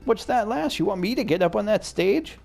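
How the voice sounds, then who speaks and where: Old master, hearty and vain, man's put-on old geezer voice, higher, lively. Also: a little fast, gravelly, faint music behind, full character voice. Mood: gruff. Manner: hearty, self-satisfied.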